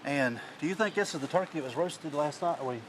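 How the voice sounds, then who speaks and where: A man with a slightly high voice tells a hunting story outdoors in the mountains. He rambles, restarts and gets excited. A faint hiss of the woods sits under his voice. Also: fast talker. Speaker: hunting channel host. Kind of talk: casual chat after a hunt.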